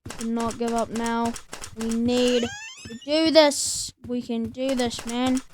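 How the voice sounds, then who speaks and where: Woman streamer, high voice, slow unhurried chatter over a game, greets the monsters. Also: level tone, a little mellow, a little hiss or hum. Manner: chatty, talks to the game's monsters and counts doors aloud. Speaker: gameplay streamer. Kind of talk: casual let's-play commentary.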